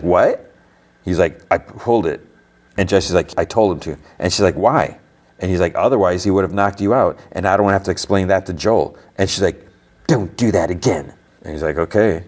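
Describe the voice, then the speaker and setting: Podcast host, male, low voice, loose chatty recap full of "like" and softened cuss words. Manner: rambling, heavy use of "like", swaps in mild stand-in swear words. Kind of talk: casual episode recap.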